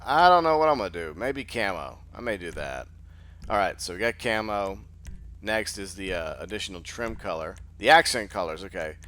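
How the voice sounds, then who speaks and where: Male host, low-pitched and smooth, drowsy, rambling game walkthrough. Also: lively intonation, moderate pace, fairly bright tone. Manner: rambling, filler-heavy, thinks aloud. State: sleepy, just woke up. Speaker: gaming channel host. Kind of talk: casual gameplay commentary.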